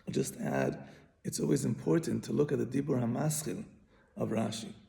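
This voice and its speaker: A man's voice: mid-range voice, big pitch swings, moderate pace, vocal fry, dark tone. A man teaching a Bible commentary lesson, patiently explaining and often repeating and restarting his phrases. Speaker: Torah teacher.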